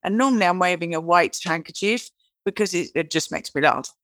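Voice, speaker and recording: Guest: British woman, lively raconteur, dry close sound. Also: fairly low pitch, brisk, no room sound. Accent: British English. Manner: animated storyteller who acts out quoted lines; chatty, restarts and repeats words. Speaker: guest author. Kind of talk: interview conversation.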